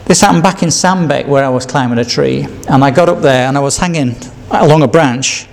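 A man's voice: medium pitch, fairly quick, gravelly. An older man telling a rambling personal testimony, repeating himself and chuckling between memories. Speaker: speaker sharing his testimony.

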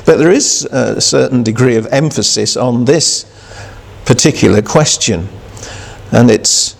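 A man preaching a sermon who reads scripture, then speaks haltingly with many restarts and fillers. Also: mid-range voice, lively intonation, creaky, slightly rough, long reverb tail.

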